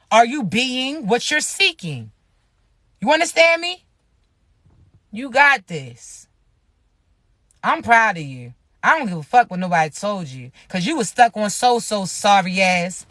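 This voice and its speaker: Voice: high-pitched, a bit bright, no room sound, clean studio sound. A spiritual advice vlogger giving casual motivational love talk, blunt and profane, often asking the listener if they understand.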